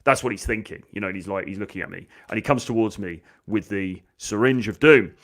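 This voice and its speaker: A man's voice: fairly low pitch, brisk. A man, a dating coach, telling a story from his school days and acting out the lines of the people in it. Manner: animated, acts out quoted lines. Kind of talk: storytelling monologue.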